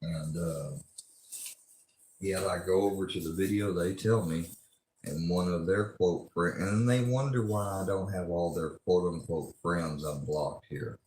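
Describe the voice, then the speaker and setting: A man's voice: deep voice, a little slow, a little mellow, reverberant, a little hiss or hum. A man, ranting angrily and with lots of profanity during a livestream. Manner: angry, profane, rambling rant.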